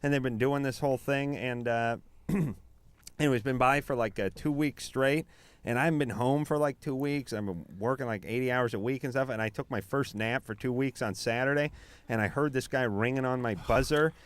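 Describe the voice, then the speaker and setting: A man's voice: medium pitch, moderate pace. A man co-hosting a late-night call-in radio show, telling stories in a rambling, joking way with lots of fillers.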